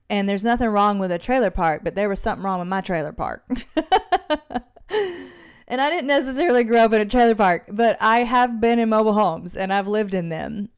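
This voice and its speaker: A woman giving a casual Christian devotional talk to camera, earnest and chatty, drifting into side notes with quick laughs. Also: medium pitch, smooth. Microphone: own microphone.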